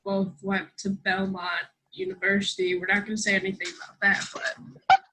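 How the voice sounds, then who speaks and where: A young woman co-hosting a podcast, rambling excitably in casual chat and swearing freely. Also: medium pitch, normal speed, a little hiss or hum, rough recording. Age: young adult. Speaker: podcast co-host.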